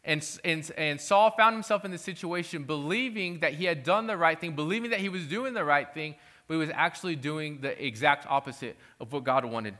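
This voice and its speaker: A man's voice: fairly high pitch, fairly quick, pushed and bright. A man preaching a sermon as a pastor, earnest and pleading, often restarting his sentences.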